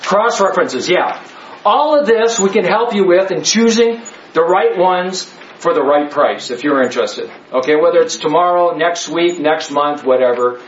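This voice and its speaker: A man's voice: fairly high pitch, expressive, normal speed, a little hiss or hum. A man teaching a Bible study class, emphatic and joking, full of rhetorical questions. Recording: echoey, slightly dull room.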